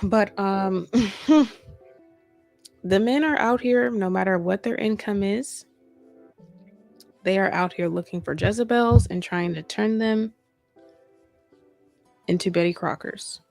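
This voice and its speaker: A woman's voice: medium pitch, slow pace, vocal fry, long pauses, darkish tone, soft background music. A woman hosting casual reaction commentary, talking emphatically and repeating her points. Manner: emphatic, repeats points, laughs mid-sentence. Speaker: commentary host.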